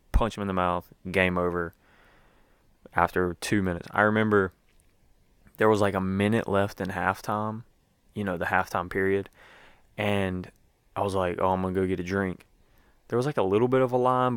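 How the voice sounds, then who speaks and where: A man's voice: deep voice, clean tone, dry recording. A man hosting a sports podcast, talking in a loose, rambling way with plenty of fillers. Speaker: podcast host. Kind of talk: casual sports podcast talk.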